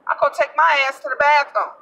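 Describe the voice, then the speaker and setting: A woman's voice: high-pitched, fairly even intonation, fairly quick, vocal fry. A woman vlogger telling a story to her viewers in a blunt, profane, emphatic way, speaking straight to the camera. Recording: distant mic with loud vehicle noise.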